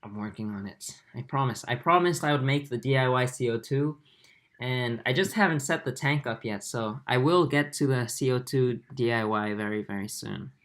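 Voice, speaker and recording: A man in his twenties hosting a livestream, reading viewer comments aloud in a soft, halting way with many fillers. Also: mid-range voice. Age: 20s. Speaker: aquarium channel host.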